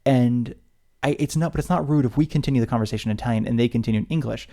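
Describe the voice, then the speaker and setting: A man's voice: mid-range voice, rapid-fire, dark tone. An American man co-hosting a podcast in casual chat, rambling with many restarts. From United States. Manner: rambling, lots of restarts and fillers. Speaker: podcast co-host.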